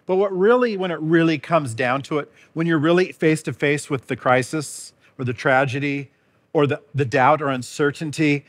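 A man's voice: fairly high pitch, moderate pace. A man preaching a sermon in a church, earnest and conversational, asking the congregation rhetorical questions. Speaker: pastor.

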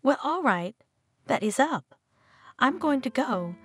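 A devoted mother, tender and reassuring toward her hurt daughter, as a woman storyteller puts her on. Her voice is husky, with a lively, swinging pitch. Soft music plays under the telling. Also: takes it slowly, exaggerated voice. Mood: caring. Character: loving, worried middle-aged mother. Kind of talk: storybook narration.

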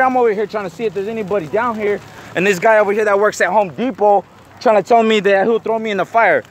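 A man's voice: high-pitched, fast talker. A young man outdoors near a big fire, angrily confronting someone and cursing as he films on a phone. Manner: angry, confrontational, swearing, repeating "homie". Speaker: bystander filming. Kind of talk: heated phone video commentary. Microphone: handheld phone. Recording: noisy outdoor phone recording.

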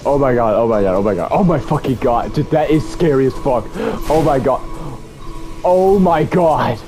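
With music underneath, a young man in a mid-range voice keeps up a brisk let's-play commentary on a horror game. He talks to himself, curses, and panics at every scare.

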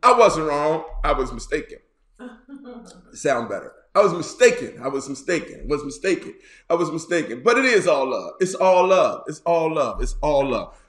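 Hoarse joking preacher man, echoey room. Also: a little high, sing-song. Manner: playful, joking, drawn-out repeats and sudden loud bursts. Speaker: bishop and pastor. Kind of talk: casual online sermon.

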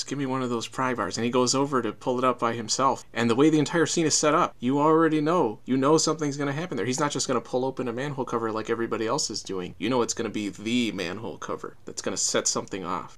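A man co-hosting a casual film review, recapping the plot in a measured, analytical way. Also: mid-range voice, a bit bright. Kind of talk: casual chat.

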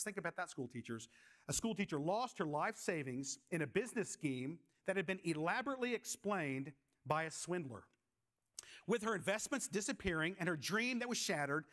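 A man with a high, bright voice preaches a sermon to his congregation. He leans on questions to the listeners and stories from his own past. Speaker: pastor.

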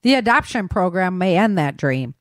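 A woman's voice: on the low side, very animated, moderate pace, no room sound, studio quality. A woman reading the part of a passionate, blunt young rebel woman in an audiobook.

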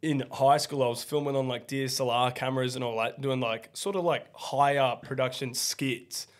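Hoarse raspy man rambling. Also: mid-range voice, steady tone, normal speed. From Australia. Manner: loose, rambling, many fillers. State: hoarse from partying. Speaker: guest comedian. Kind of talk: casual podcast chat. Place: rented co-working room, not soundproof.

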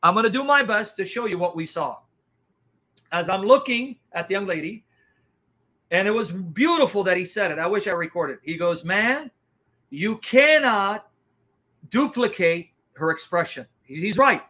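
A man's voice: high-pitched, normal speed. A man telling a dramatic testimony as an evangelist, acting out what people did and said. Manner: animated, dramatic, acts out reactions. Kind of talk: testimony storytelling.

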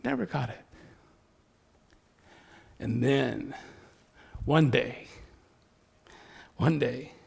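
A man preaching a sermon as pastor in a church, telling lively personal stories. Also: medium pitch, very slow, vocal fry, long pauses, husky. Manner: animated storytelling.

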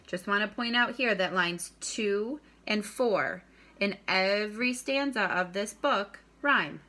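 Teacher role: woman with a bright, crisp voice addressing young pupils. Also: medium pitch, slow pace. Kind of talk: online lesson to schoolchildren.

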